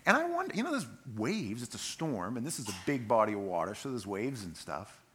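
Animated male preacher, bright lively voice. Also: mid-range voice, a little fast, slightly rough. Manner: animated storytelling, acting out scenes. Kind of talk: sermon.

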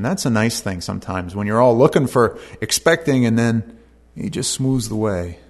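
A man's voice: lowish voice, fairly even intonation, a little fast, vocal fry, hardly any pauses. A man preaching a conversational sermon in a church, reading scripture aloud and then explaining it in plain talk.

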